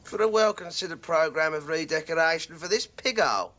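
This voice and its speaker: Pompous know-it-all, high voice, muffled old tv audio. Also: male voice, fairly quick, pushed and bright. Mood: lecturing. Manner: pompous, wordy. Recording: dull lo-fi TV sound.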